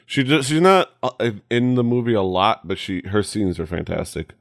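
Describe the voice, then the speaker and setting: A man co-hosting a casual podcast chat, halting with many restarts. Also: gravelly, dry recording, clean studio sound. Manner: halting, many restarts, jumps into high mimicry. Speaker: podcast co-host.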